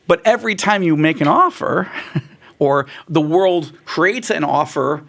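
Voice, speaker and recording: Animated man telling stories with gravelly edge. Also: fairly high pitch, measured pace. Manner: animated storyteller, acts out quoted voices. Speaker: guest author. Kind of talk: animated conversational interview.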